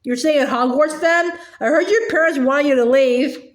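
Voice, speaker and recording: A woman's voice: high-pitched, normal speed, natural voice. Woman reading as blunt teenage boy Harry. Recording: roomy echo.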